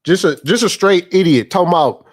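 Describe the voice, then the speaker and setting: A man's voice: high voice, brisk. A young man hosting a casual panel, reacting to a clip with incredulous, mocking, profane commentary. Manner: incredulous, mocking, rants in repeated phrases. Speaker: host reacting to a protest clip.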